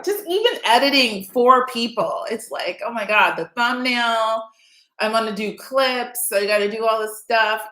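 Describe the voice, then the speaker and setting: A woman's voice: medium pitch, fairly bright tone. Woman host chatting live, reading comments, cusses casually, roomy echo. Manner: chatty, reads viewer comments aloud, curses casually. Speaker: podcast host. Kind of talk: casual livestream chat. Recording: echoey room.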